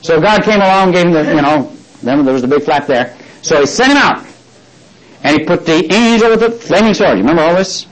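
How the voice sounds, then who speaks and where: A man's voice: a little high, animated, brisk, poor audio. An older man preaching a folksy sermon, often asking his listeners questions and reading scripture aloud. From Texas.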